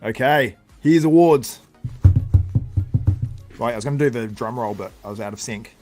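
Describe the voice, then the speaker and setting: A man's voice: mid-range voice, moderate pace, darkish tone, faint music behind. Man with a tired, sore voice. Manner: chatty, reacts to chat with laughs. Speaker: livestream host. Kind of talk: casual live commentary.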